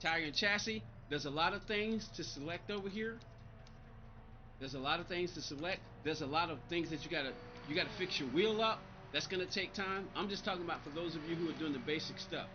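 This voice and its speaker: Irritated high-voiced man streaming to chat. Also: a little fast, dull audio, noisy background. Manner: irritated, rambling, repeats himself, talks back to chat. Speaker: live-streaming sim racing gamer. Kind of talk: casual live-stream chat reading viewer comments.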